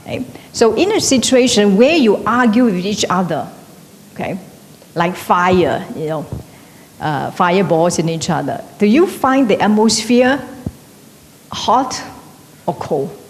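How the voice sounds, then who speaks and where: A woman gives a relaxed classroom lecture, often tossing "okay?" and "right?" to her listeners. Her mid-pitched voice rings out with a long reverb, as if in a large hall, over a faint low rumble in the background. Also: unhurried, long pauses. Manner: conversational, frequent tag questions like "okay?" and "right?". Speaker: teacher.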